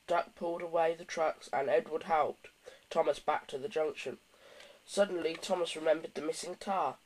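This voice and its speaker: A man narrating a children's storybook audiobook in a steady, gentle storytelling manner. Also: fairly high pitch, moderate pace, low-quality recording.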